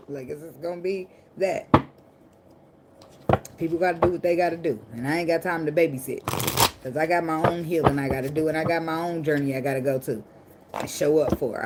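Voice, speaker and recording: Low-voiced, blunt, profane woman tarot reader. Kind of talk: casual tarot reading to camera. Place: indoors at night under a ring light. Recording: clear background noise of clicks and shuffling cards.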